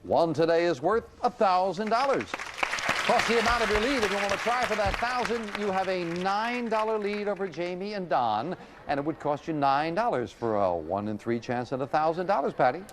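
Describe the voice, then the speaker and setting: Jovial game show host, lively voice. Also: male voice, high-pitched, normal speed, a crowd in the background. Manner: jovial, playful banter with contestants. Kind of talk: upbeat quiz hosting. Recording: 1980s TV broadcast with loud audience and noise.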